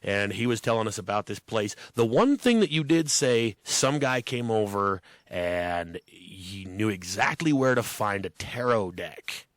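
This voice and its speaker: Low-voiced laid-back podcast co-host. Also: male voice, expressive, measured pace, few pauses, no echo. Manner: easygoing, laughs along, recaps for listeners. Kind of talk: casual podcast chat.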